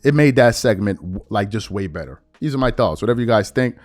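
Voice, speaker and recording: Animated man ranting on a vlog. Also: on the low side, quick pace, soft background music. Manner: animated, gets loud and emphatic when riled. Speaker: basketball commentary vlogger. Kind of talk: casual commentary monologue. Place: lives in Nigeria now.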